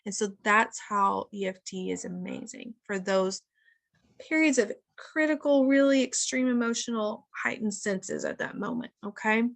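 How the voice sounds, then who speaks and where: A woman's voice: medium pitch, normal speed, vocal fry. A woman in her thirties leading a casual live wellness session over a video call, chatty and often addressing her listeners as guys.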